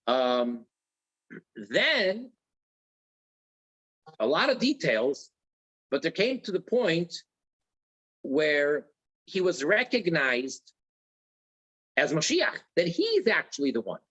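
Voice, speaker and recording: Guy teaching a religion class, lively up and down voice, repeats himself to make a point. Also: on the high side, slow pace, long pauses, breathy edge, lo-fi sound. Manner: earnest, repeats key phrases for emphasis. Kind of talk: religious lecture.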